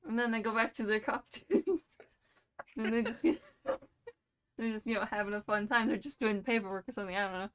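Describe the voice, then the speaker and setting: A woman's voice: mid-range voice, brisk, pauses often, fairly bright tone, slight background noise. A young woman streamer, playful and giggly, rambling through an improvised story.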